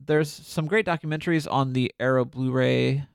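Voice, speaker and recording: A man's voice: medium pitch, fairly even intonation, normal speed, gravelly, smooth, no room sound, studio quality. A man co-hosting a podcast, chatting casually about a horror film and rambling through trivia with many restarts. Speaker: podcast co-host. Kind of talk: casual movie discussion.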